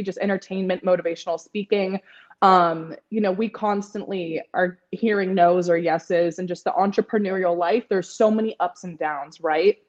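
A woman's voice: mid-range voice, a little mellow, muffled recording. A woman in her twenties, a podcast guest, talking in a chatty way with lots of fillers and frequent laughter. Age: 20s. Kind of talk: casual interview chat.

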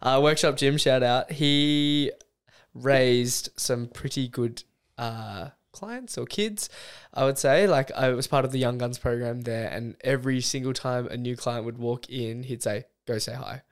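Enthusiastic podcast host. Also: male voice, mid-range voice, clear, resonant tone. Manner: enthusiastic, swears casually, quick bursts. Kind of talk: casual podcast chat.

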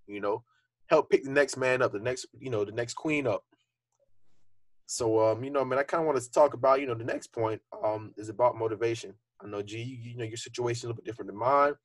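Young man, podcast co-host, quick talker, slightly husky, earnest, casual. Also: medium pitch, no echo. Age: young adult. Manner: earnest, reflective, conversational with frequent fillers.

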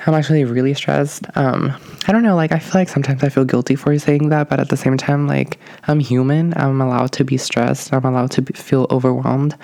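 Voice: mid-range voice, fairly even intonation, brisk, creaky, dark tone, dry recording. Breathless, rambling young podcast host. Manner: nervous, rambling, many hedges and fillers. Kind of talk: casual solo podcast monologue.

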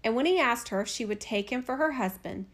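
A woman with a somewhat high voice reads a fairy tale aloud, measured and expressive. She carries the story steadily from scene to scene.

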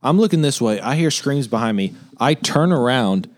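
A man's voice: mid-range voice, lively intonation, moderate pace. A young man co-hosting a podcast, a laid-back, jokey storyteller in casual chat. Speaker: podcast co-host.

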